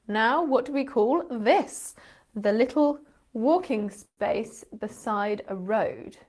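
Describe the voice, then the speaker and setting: A woman's voice: a little high, expressive, takes it slowly, a little mellow. A British woman, an English teacher and channel host, explaining word differences playfully with frequent laughs and teasing asides. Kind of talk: explaining vocabulary to camera.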